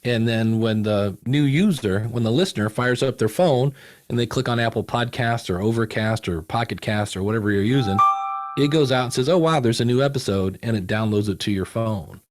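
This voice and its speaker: A man, a podcasting coach, talking casually as a guest and acting out the voices in his stories with lively energy. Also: on the low side, normal speed. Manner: animated storyteller, acts out quoted voices. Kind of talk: casual interview chat.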